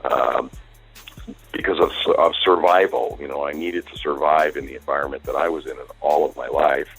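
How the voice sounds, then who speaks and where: Brief: older male guest, very low husky voice, rambling storyteller, faint music behind. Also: normal speed, poor audio. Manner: rambling, animated when quoting dialogue. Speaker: music industry executive, guest. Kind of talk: casual interview storytelling.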